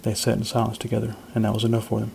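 Man reading a story in a flat, mellow voice. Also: on the low side, racing, creaky, slight background noise, rough recording. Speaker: author reading his fiction. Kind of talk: reading a short story aloud.

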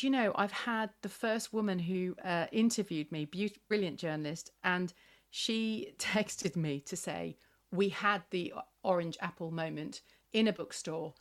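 A woman speaks as an author in an interview, with a mid-range voice. She tells stories fast and freely and acts out what others said. She breaks off and restarts often as she talks. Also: medium pitch. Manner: storytelling, acts out quoted voices, frequent restarts. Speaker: parenting author guest. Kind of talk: animated conversational interview.

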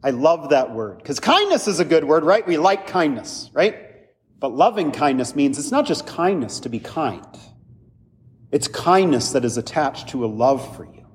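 A man preaching a sermon as a pastor, earnest and conversational, often checking in with his listeners with quick asides. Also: a little high, very animated, in a large hall.

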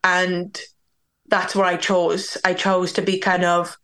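A young woman speaking as a podcast guest, telling a personal story in a low, fairly level voice. She is candid and chatty, full of "like"s, and voices the lines of the people in her story. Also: monotone, slow pace, a bit bright. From Wales. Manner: candid, talks with many "like"s and acts out quoted dialogue.

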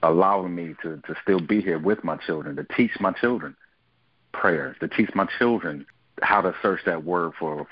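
A man giving an earnest, halting personal testimony on a family prayer line. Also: low-pitched, husky, no echo, highs cut off.

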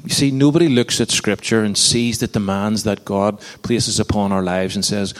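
A man's voice: mid-range voice, fast talker, few pauses. A man in his thirties preaching a sermon in an earnest, conversational way, with self-deprecating stories. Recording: long hall reverb.

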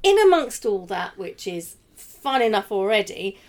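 A woman's voice: mid-range voice, sing-song, unhurried, darkish tone. A woman hosting a podcast interview, upbeat, laughing often and prompting her guests with questions. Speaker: podcast host. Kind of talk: casual interview.

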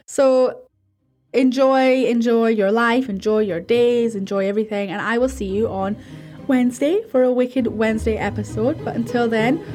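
Chatty woman podcaster with a higher voice. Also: steady tone, moderate pace, a little mellow, soft background music. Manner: chatty, rambling, self-deprecating. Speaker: podcast host. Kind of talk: horror story retelling and casual sign-off.

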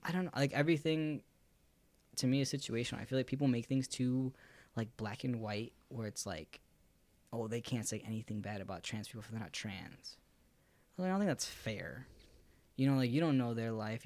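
Talking a little fast in a mid-range voice, a young man chats casually on a podcast. His delivery is relaxed and meandering, packed with filler words.

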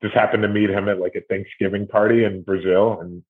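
Over a tinny, phone-like line, a guest musician from Ohio, USA tells stories in a loose, rambling way during a casual interview. His voice is lowish, with fairly even intonation and a slightly fast pace.

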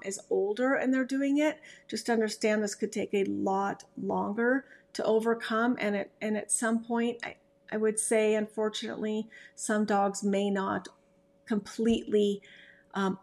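A woman's voice: mid-range voice, gravelly, a little mellow. A woman who hosts a podcast as a dog trainer, giving casual advice in a chatty, emphatic way with frequent restarts.

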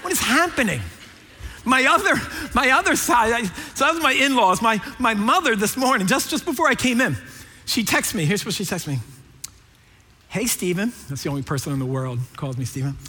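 A man's voice: very high-pitched, fairly quick, breathy edge. A middle-aged man preaching a sermon, joking and storytelling as he acts out the voices of the people in his stories. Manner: animated, jokey, acts out quoted voices. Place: large church hall. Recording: echoey hall.

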